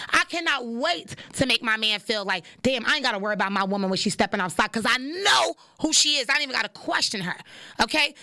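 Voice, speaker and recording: A young woman hosting a podcast, preaching in a casual, animated monologue and repeating lines for emphasis. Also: fairly high pitch. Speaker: podcast host.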